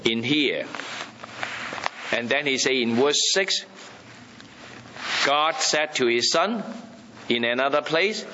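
A man's voice: mid-range voice, animated, slow pace, pauses often, sharp tone, dull audio, a little hiss or hum. Emphatic man preaching a Bible lesson. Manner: emphatic, repetitive, often asks the listeners "you understand?". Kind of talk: Bible teaching sermon.

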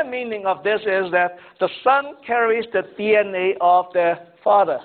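Male Bible teacher, high register, questioning his class, phone-quality audio. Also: normal speed, hardly any pauses. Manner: asks students questions, tags lines with "okay?" and "right?". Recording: tinny phone-like sound.

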